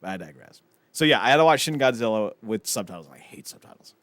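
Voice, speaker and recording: A man co-hosting a podcast in casual chat, animated and profane, often laughing as he talks. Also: fairly low pitch, fast, no room sound. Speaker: podcast co-host.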